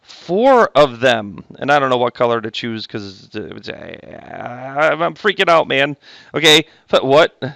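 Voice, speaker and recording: Man, math teacher, classroom lecture, jokey, corrects himself, smooth clear voice, dry sound. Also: mid-range voice, very animated, slow, hardly any pauses, fairly bright tone, dry recording. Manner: joking, talks to students, stops and corrects himself.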